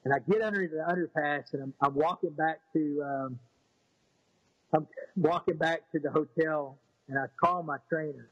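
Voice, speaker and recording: A middle-aged man telling a personal story in an animated way, often repeating words and acting out what people said. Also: fairly high pitch, moderate pace, no room sound, muffled recording.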